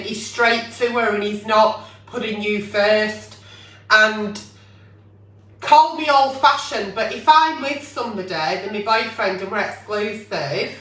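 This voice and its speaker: A blunt woman hosts a late-night advice chat. She swears freely and fires off rhetorical questions in a bright, sharp voice. She sits back from the mic in an echoey room. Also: on the high side, far from the mic. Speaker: advice show host.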